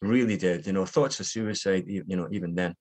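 Husky man sharing his story. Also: low voice, a little fast, a little mellow. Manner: candid, rambling, with frequent fillers and restarts. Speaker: recovery meeting speaker. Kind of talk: personal recovery share.

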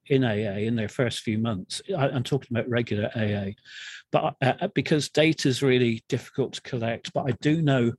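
Middle-aged guy, husky voice, dry close sound, frank and halting, telling his own story. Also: mid-range voice, darkish tone, no echo. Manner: frank, halting and self-deprecating. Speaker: guest sharing recovery story. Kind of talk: candid personal storytelling.

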